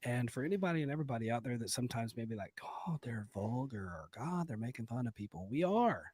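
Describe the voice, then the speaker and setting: A man's voice: mid-range voice, animated, fast talker, darkish tone, husky, no echo. A man co-hosting a comedy podcast, rambling with crude jokes and lots of fillers. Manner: vulgar, joking, rambling with fillers. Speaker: podcast co-host.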